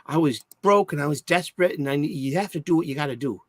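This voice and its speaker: A man's voice: a little high, fast talker, dry recording. An American man joking crudely and laughing in casual stream banter.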